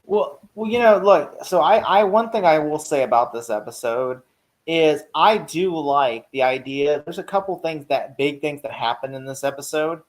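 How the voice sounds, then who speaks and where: A man on a casual podcast talks in eager, animated bursts and slips into quick voices for the scenes he describes. His voice sits a little high for a man. The room around him is echoey and roomy. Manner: animated, acts out quotes from scenes. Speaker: podcast co-host. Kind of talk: casual chat.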